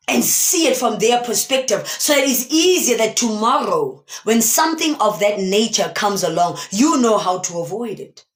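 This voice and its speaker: A woman from South Africa giving a motivational talk on a live stream, speaking emphatically and asking many rhetorical questions. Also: medium pitch. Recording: echoey room.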